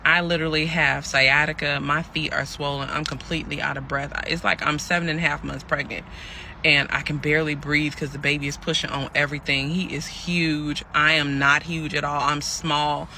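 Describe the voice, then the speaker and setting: A man's voice: on the high side, flat delivery, normal speed, vocal fry, bright, forceful tone, slight background noise, full character voice. A man telling a pregnant young woman's story in her voice, chatty and calling listeners y'all as he acts out the quoted lines. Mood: weary, aggrieved. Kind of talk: storytelling monologue.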